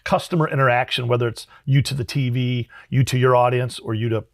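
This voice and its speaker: A man's voice: medium pitch, fairly even intonation, fairly quick, creaky, dry recording, clean studio sound. A man hosting a podcast, talking in a meandering, conversational way with plenty of fillers. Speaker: podcast host. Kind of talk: casual interview chat.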